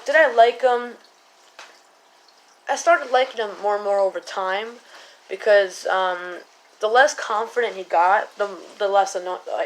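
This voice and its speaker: A woman's voice: medium pitch, a little hiss or hum, low-quality recording. Rambling, self-correcting female vlogger. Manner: rambling, keeps correcting herself, many fillers. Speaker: political vlogger. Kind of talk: casual commentary to camera.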